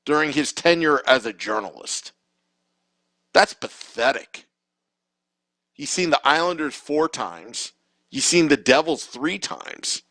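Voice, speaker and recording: A man's voice: fairly high pitch, a bit bright, dry recording, low-quality recording. A man co-hosting a podcast, talking in a rambling, opinionated way with many restarts. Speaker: podcast co-host. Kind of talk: casual sports chat.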